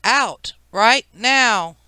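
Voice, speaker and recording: Strict businessman dad, woman reading him, bright crisp tone. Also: mid-range voice, animated, fairly quick, dry recording, rough recording. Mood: stern. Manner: stern. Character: stern businessman father.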